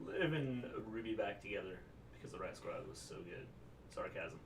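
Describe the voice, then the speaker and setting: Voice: low-pitched, expressive, brisk, gravelly, background noise. Sarcastic co-host, distant mic. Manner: sarcastic interjections. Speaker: podcast co-host. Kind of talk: casual wrestling recap chat.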